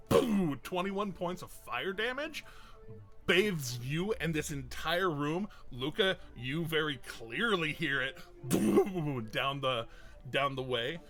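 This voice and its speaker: A man narrating as game master of a tabletop game, excitable and quick to laugh. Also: a little high, faint music behind.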